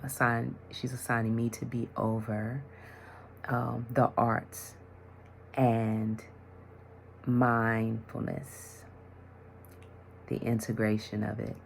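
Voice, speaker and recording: Very low gravelly woman vlogger. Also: takes it slowly, pauses often, slight background noise. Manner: animated storytelling, acts out conversations. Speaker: vlogger, mental health worker and yoga teacher. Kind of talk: casual storytelling vlog.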